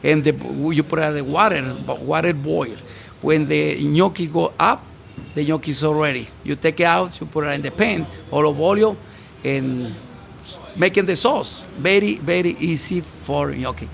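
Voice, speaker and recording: Chef from Mexico, gravelly voice, halting English, interviewed outdoors on a rooftop. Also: male voice, fairly high pitch, slight background noise. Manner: halting, broken English with restarts. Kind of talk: casual interview. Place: restaurant rooftop bar, outdoors.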